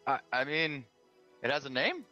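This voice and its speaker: A man's voice: mid-range voice, normal speed, no room sound, muffled recording, faint music behind. A man playing a tabletop game, asking curious questions in character. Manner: curious, asks many questions, lively. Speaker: player.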